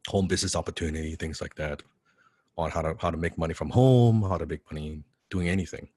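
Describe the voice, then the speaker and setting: A man telling a personal story in a casual motivational talk, animated, often repeating his words and laughing. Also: very deep voice, quick pace, breathy edge, no room sound, clean studio sound. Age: young adult. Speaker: business coach.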